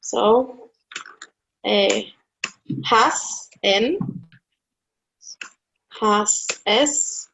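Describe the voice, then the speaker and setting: A woman's voice: medium pitch, drawn-out words, gravelly, long pauses, fairly bright tone, slight background noise. A woman tutoring a Spanish lesson, patiently explaining rules step by step, repeating key words and checking that her student follows. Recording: dull lo-fi sound.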